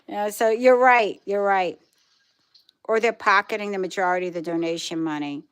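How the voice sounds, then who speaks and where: A woman's voice: fairly low pitch, normal speed, smooth, no echo. A middle-aged woman from Brooklyn hosting a live stream, chatting casually with viewers in a rambling, storytelling way. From Brooklyn, New York. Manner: chatty, rambling storyteller who trails off and restarts. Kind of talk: casual chat answering viewer comments.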